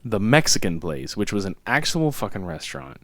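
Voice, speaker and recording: A man co-hosting a podcast, chatting casually about a movie in an animated, profane way and laughing often. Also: on the low side, fairly quick, vocal fry, no room sound. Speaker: podcast co-host.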